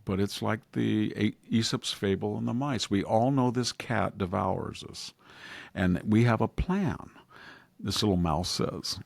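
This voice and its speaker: Older male podcast host, gravelly and low, casual commentary that slips into mock quotes, dry sound. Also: unhurried, dry recording. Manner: acts out quoted voices, chuckles, digressive.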